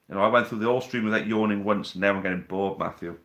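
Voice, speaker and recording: Male host, slightly low voice, casual banter with viewers, phone mic at home. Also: quick pace, fairly bright tone. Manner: chatty, reads out viewer questions, teasing banter. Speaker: live stream host. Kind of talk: casual live stream chat. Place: living room at home. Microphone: phone on a tripod.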